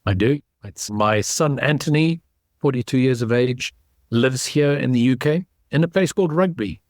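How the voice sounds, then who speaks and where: A man in his sixties from South Africa, with a South African accent softened by English, telling his story at an easy, measured pace as an interview guest over a video call. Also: mid-range voice, dry recording, studio quality. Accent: South African with some English. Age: 60s. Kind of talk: casual interview.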